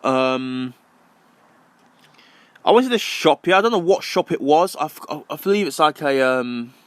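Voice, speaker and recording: A man's voice: on the high side, lively intonation, normal speed, no room sound. A young man ranting casually to camera, rambling and repeating himself with many ums. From London. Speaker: vlogger.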